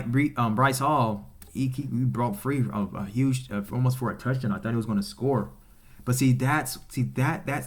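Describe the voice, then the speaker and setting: A man hosting his own football channel, ranting off the cuff, profane and heated, repeating himself and swinging between low mutters and loud outbursts. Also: vocal fry. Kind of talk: unscripted sports rant to camera.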